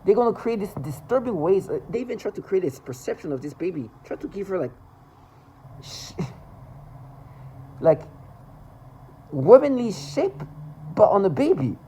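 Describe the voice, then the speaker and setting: A man's voice: sits high, very animated, unhurried, long pauses, warm tone, slight background noise, low-quality recording. A man talking to the camera in an agitated personal monologue, rambling with restarts and repetitions. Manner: rambling, restarts and repeats, mimics others' laughter. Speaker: vlogger.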